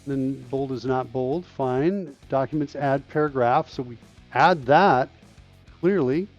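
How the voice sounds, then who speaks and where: A man's voice: mid-range voice, slow pace, faint music behind. Middle-aged man muttering through code. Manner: muttering, self-questioning walkthrough of code. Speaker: live-coding streamer. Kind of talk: thinking aloud while coding. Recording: dull, slightly lo-fi dry mic sound.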